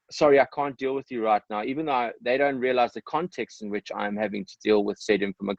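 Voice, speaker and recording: A man's voice: fairly low pitch, dry recording. A South African man, a musician guest on a podcast, talking candidly and reflectively with many ums and restarts. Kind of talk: candid podcast interview talk. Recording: dull, dry sound.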